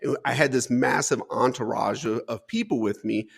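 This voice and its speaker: A man's voice: mid-range voice, normal speed, creaky, husky. A man in his forties from Dayton, Ohio, a guest on an interview show, telling a story with energy, acting out what others said and laughing often. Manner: lively storyteller, acts out quotes, laughs often. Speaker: guest, company CEO.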